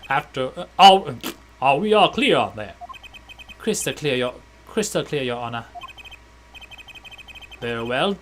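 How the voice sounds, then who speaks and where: A woman's voice: very deep voice, unhurried, long pauses. A woman streamer reading game dialogue aloud in shifting character voices and chatting to her viewers. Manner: animated, switches between character voices.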